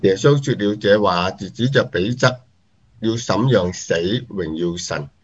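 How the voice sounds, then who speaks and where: A man giving an even, formal Bible reading. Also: fairly low pitch, a little slow, a little hiss or hum. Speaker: scripture reader. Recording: dull lo-fi recording.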